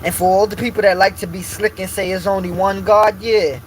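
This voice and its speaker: A man with a fairly high voice delivers a casual, confrontational rant. He hammers his points in street slang and repeats lines for emphasis. Faint vehicle noise hums in the background. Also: little pitch movement, a little fast, low-quality recording.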